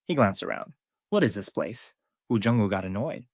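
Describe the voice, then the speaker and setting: Lively male recap narrator, dry close sound. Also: moderate pace, dry recording. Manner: lively storytelling, reads characters' lines with heightened pitch. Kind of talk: scripted story recap narration.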